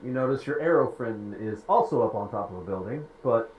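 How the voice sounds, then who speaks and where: A man's voice: mid-range voice, animated, a little fast, darkish tone, roomy sound, muffled recording, a little hiss or hum. A man running a tabletop game as game master, narrating with frequent hesitations. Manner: hesitant, filler-heavy narration.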